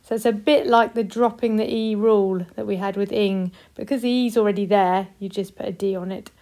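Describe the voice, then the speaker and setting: A woman with a British accent teaching a recorded spelling lesson to young children, speaking slowly and clearly with encouragement. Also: mid-range voice, fairly even intonation, mellow. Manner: slow, clear, encouraging, models example sentences. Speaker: primary school teacher.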